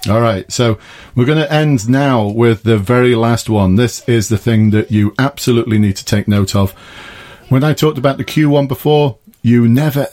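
A middle-aged former cop with a mid-range, darkish voice speaks at a moderate pace, casually giving advice on his podcast from a summer house in his garden and laughing at his own jokes.

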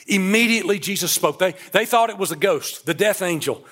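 A man in his forties delivers a sermon as a pastor, his voice pitched noticeably high for a man. He tells his story in a relaxed, chatty way and then swells into emphatic, fervent preaching. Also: a little fast.

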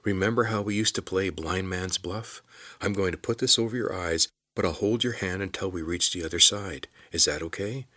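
A man voicing a steady young hero who gently reassures a frightened companion. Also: low-pitched, moderate pace, no room sound, studio quality. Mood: soothing.

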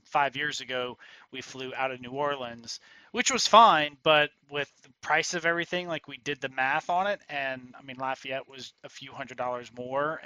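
A man's voice: medium pitch, sharp tone, clear, resonant tone. A man co-hosting a podcast, joking and laughing often in casual chat. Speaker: podcast co-host.

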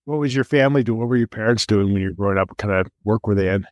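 A man hosting an interview podcast over a video call, talking animated and curious with many stumbling restarts. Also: on the low side, very fast, no echo, studio quality. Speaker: podcast host. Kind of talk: casual interview chat.

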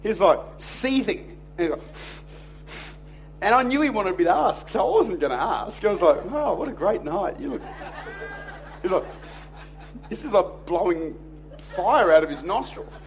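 Animated preacher man, high lively voice. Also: normal speed, long pauses, slight background noise. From Australia. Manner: animated storytelling preacher, jokey, acts out voices. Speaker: pastor. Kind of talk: sermon. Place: church.

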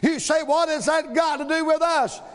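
A man preaching a sermon in a church, rhythmic and building to shouts, acting out the voices in the story. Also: very high voice, steady tone, normal speed. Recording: long hall reverb.

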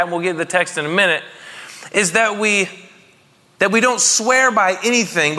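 A pastor in his thirties gives a conversational, jokey sermon to his congregation in a church hall, often posing questions to them. His voice is high with a sharp tone, and the hall adds a long reverb.

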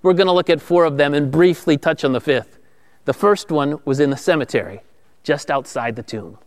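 A man's voice: a little high, fairly quick. A man preaching an Easter sermon as pastor to viewers at home, emphatic and rising when he quotes.

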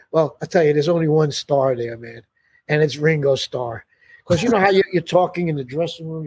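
An older musician telling stories in a casual interview, rambling with many "you know"s and restarts and laughing often. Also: male voice, fairly high pitch, a little mellow, a little hiss or hum. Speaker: musician guest.

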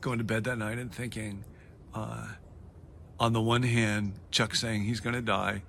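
A man with a somewhat low but bright, forceful voice guides a casual conversation, drawing out his friend's stories and adding his own reflections. Faint background noise sits under his speech. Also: flat delivery, a little slow, vocal fry. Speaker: host, interviewer.

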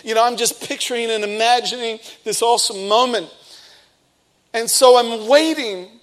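A man in his thirties, a pastor preaching a sermon and telling a personal story with lively bursts of speed and emphasis. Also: extremely high pitch, normal speed.

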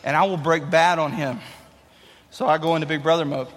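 A man in his thirties, a youth pastor preaching a sermon with animated storytelling. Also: on the high side, a little fast. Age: 30s. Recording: long hall reverb.

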